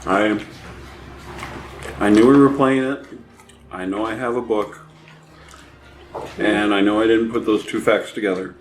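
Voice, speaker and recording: Lower-voiced self-mocking man. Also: steady tone, measured pace, long pauses, slight background noise, poor audio. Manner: self-mocking, laughs easily. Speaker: player. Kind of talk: casual chat among friends.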